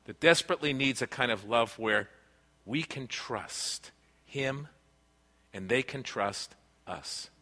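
Bright-voiced man preaching in a hall. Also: mid-range voice, slow. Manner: earnest, conversational preaching with personal stories. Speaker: pastor. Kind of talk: sermon. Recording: long reverb of a large hall.

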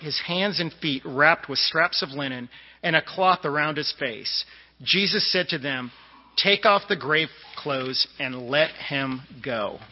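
A man from the Boston area preaches in a loose, conversational way, with fillers and asides. His voice sits high and carries a long echo through the church. The recording sounds dull and muffled. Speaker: lay preacher. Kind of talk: sermon. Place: church sanctuary.

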